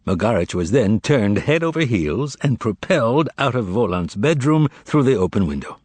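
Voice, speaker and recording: A man narrating an audiobook in an expressive, dramatic reading style on a close microphone. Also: medium pitch, moderate pace, no echo. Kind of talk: scripted narration.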